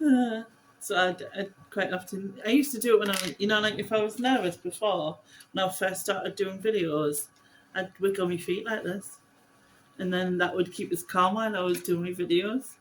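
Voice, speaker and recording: A woman's voice: mid-range voice, normal speed, slight background noise, poor audio. A woman, chatting casually and giggling at herself while crafting on her vlog. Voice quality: giggly, self-deprecating, chatty. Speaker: vlogger host.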